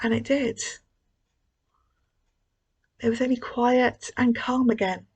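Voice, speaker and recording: A woman leading a school collective worship, telling a story to children in a gentle, expressive way with hushed moments. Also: a little high, slow, husky, rough recording. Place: church.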